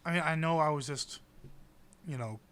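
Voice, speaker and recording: A man's voice: fairly high pitch, moderate pace, a bit bright, smooth. A man co-hosting a podcast, chatting casually and airing opinions in long, hedging rambles. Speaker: podcast co-host. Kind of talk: casual chat.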